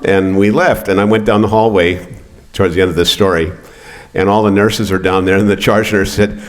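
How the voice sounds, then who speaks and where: An older man with a very low voice tells a rambling, profane story at a poetry reading. He halts often with fillers as he goes, speaking in an art gallery. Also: steady tone, a little fast. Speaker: poet.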